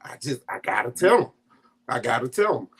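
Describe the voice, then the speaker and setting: A man's voice: medium pitch, a little fast, husky. Man telling a personal story, laughing often. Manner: animated, laughs often between lines; acts out quoted family voices. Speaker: guest storyteller.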